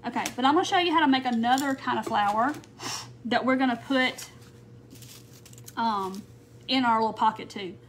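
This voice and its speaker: Working at her craft table at home, this woman with a Southern American accent, though not from North Mississippi, runs a chatty live tutorial and reads out viewer comments. She speaks a little high at a normal pace, pausing often, over a little hiss or hum.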